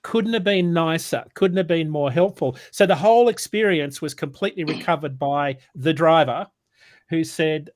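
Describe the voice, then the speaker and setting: Animated man telling a story, dry sound. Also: fairly high pitch, moderate pace, no echo. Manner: animated, retells dialogue with many restarts. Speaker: co-host of a sales morning show. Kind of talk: casual storytelling chat.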